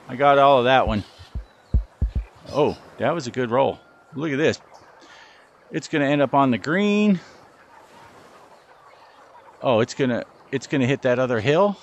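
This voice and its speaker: A man's voice: medium pitch, expressive, a little slow, long pauses, highs cut off. A middle-aged man giving casual, self-deprecating commentary while playing a VR golf game, talking to his ball as he plays. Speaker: gaming channel host.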